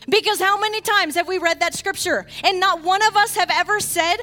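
A woman leading an interactive bible study for a group, swinging from quiet asides to loud, emphatic preaching. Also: very high-pitched, normal speed, faint music behind. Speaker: bible teacher.

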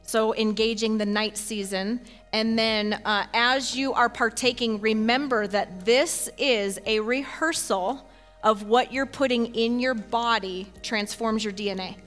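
A woman's voice: a little high, a bit bright, faint music behind. A woman pastor exhorting a congregation during communion, emphatic and urging. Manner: emphatic, urging, fast bursts.

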